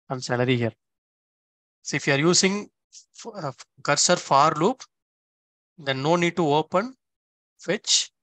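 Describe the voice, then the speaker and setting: A man's voice: fairly high pitch, a bit bright, dry recording. Man teaching code step by step. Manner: explains step by step, often checking in with "okay?". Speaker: instructor. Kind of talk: screen-recorded coding tutorial.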